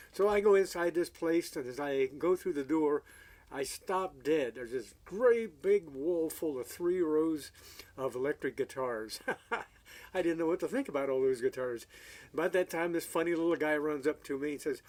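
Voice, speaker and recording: Man with a slightly high voice, folksy storyteller, halting, lots of fillers. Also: darkish tone. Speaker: amateur songwriter and guitarist. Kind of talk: casual storytelling.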